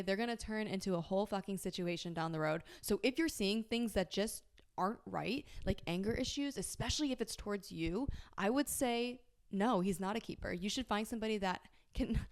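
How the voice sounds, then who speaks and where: A woman hosting a podcast talks through listener questions in a frank, casual way. She is emphatic and reassuring and swears without holding back. Her voice sits at an ordinary middle pitch. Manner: candid, frank, swears freely. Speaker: podcast host. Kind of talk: casual advice chat.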